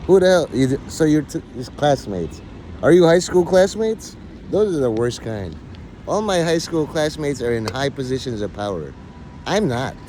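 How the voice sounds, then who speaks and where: A man's voice: medium pitch, expressive, unhurried, warm tone, slight background noise. A middle-aged man livestreaming, rambling in crude, mock-bossy rants at his viewers. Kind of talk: casual rant chat.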